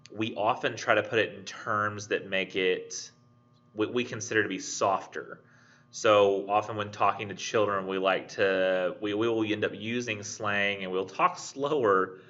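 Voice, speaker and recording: A man's voice: lowish voice, bright, forceful tone, highs cut off. A man giving a recorded online college lecture, rambling with many fillers and restarts. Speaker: college English instructor.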